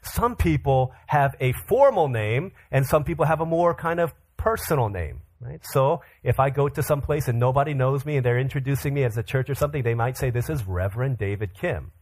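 A man's voice: medium pitch, animated, a little fast, few pauses, a little mellow. A man preaching to young people, telling playful stories with acted-out voices. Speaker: pastor. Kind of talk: sermon to a youth audience.

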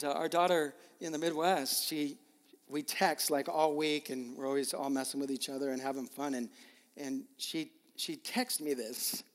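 Earnest pastor in a reverberant hall. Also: male voice, on the high side. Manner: earnest, emotional, repeats words. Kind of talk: sermon.

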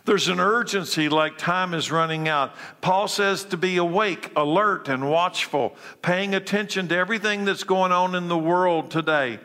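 Bright-voiced preacher in a reverberant hall. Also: male voice, normal speed, hardly any pauses. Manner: preaching with emphatic shifts between loud urgent calls and low quiet lines. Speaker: pastor. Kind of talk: sermon. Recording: long reverb of a large hall.

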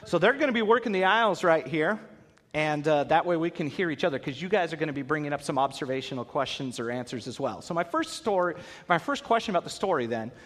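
A man leads a Bible lesson before a gathered audience, quizzing them and acting out the characters as he goes. His voice swings widely in pitch, and it rings with the long reverb of a large hall. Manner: animated, acts out voices, asks the audience questions. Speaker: pastor.

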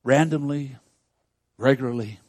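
A man preaching a sermon as a pastor, moving from quiet, close talk to loud, shouted preaching. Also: mid-range voice, a little slow, no room sound. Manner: swings from hushed intimacy to loud shouting preaching. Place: church.

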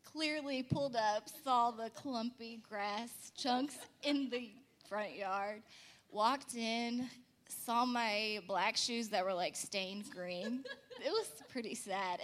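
A young woman casually telling a funny story about her husband, acting out quotes with big jumps in pitch and laughing often. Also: measured pace.

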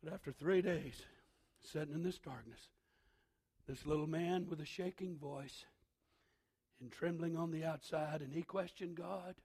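Gravelly, emphatic male preacher. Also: a little high, unhurried. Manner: emphatic, swinging from shouts to hushed asides. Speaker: pastor. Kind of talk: sermon.

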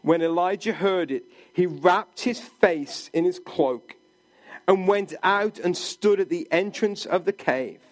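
High-voiced, slow-preaching man. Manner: earnest preaching, drops to a hushed voice for quoted words. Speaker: pastor. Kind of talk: sermon.

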